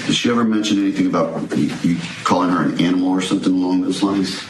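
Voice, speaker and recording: A man questioning a witness in court, brisk and matter-of-fact. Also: low-pitched. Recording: distant echoey noisy courtroom audio.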